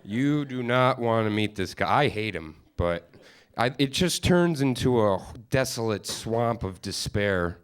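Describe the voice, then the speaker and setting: A young man hosts a live stand-up special on a studio stage, telling loose, self-mocking stories that land on crude punchlines. His voice is medium-pitched, smooth and animated, delivered a little slowly.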